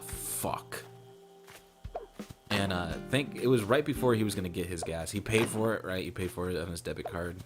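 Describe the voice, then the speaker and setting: A man streaming a game, telling a story about a rude customer in a casual, exasperated, profane way. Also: low-pitched. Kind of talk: casual storytelling while gaming.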